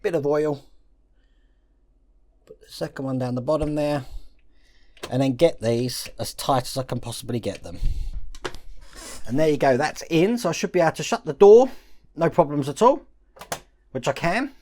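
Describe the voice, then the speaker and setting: A man hosting a model-building channel, calmly explaining each step of the build while he works with his hands. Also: a little high, moderate pace, long pauses.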